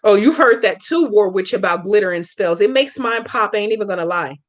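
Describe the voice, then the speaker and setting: A hoodoo practitioner hosts a casual livestream Q&A, her mid-range voice a little fast with lively intonation. She chats brashly and profanely with viewers in slang, giving emphatic step-by-step instructions for a spell.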